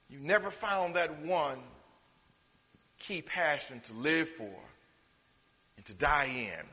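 A high, bright-toned man preaches a sermon in a hall with a long echo. He builds to loud, drawn-out declarations, then drops to quiet, quick asides. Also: expressive. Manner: dramatic, swinging from loud preaching to hushed asides. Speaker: pastor. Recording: reverberant hall.

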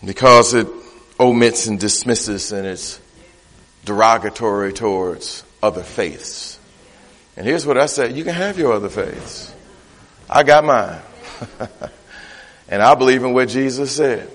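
A man preaching a sermon as pastor, emphatic and repetitive, rising to shouts. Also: medium pitch, big-room sound. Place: church.

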